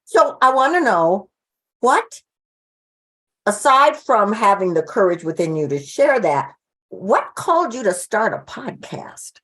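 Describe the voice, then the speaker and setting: A woman's voice: medium pitch, big pitch swings, a little slow, fairly bright tone. A woman hosting an interview, asking her guest questions and speaking to her listeners directly. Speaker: podcast host.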